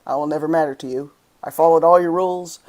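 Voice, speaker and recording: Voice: medium pitch, steady tone, quick pace, darkish tone. A poet reading spoken word verse aloud, rhythmic and impassioned, rising to angry emphasis. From the United States. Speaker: guest poet.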